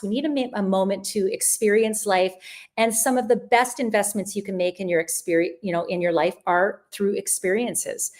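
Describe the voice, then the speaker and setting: A woman hosting a live online travel sale, chatting in an upbeat, rambling way as she presents deals and answers viewer questions. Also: a little high. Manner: chatty and upbeat, with frequent restarts. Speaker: livestream sale host. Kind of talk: live shopping stream presenting.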